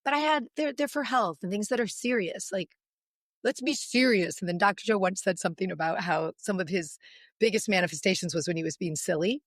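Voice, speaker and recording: A woman in her forties, a podcast guest, telling a long, emotional story in an animated, long-winded way. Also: mid-range voice, a little fast, no room sound, clean studio sound.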